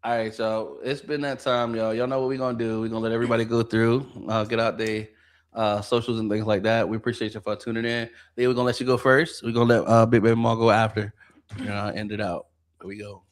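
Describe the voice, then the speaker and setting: A man's voice: on the low side, flat delivery, fast. A man co-hosting a casual livestream, blunt and profane, urging his listeners on. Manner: blunt, profane, urging, repeats "you know what I'm saying". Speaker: podcast co-host.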